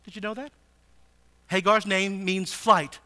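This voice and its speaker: High-voiced man teaching scripture. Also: unhurried. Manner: animated, rhetorical questions to listeners. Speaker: Bible teacher. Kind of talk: sermon teaching.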